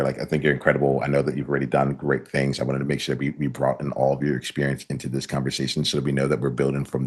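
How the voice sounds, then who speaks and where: A man's voice: rumbling low, husky. A man hosting a coaching podcast, talking in a rambling way with many fillers and restarts. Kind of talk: conversational coaching session.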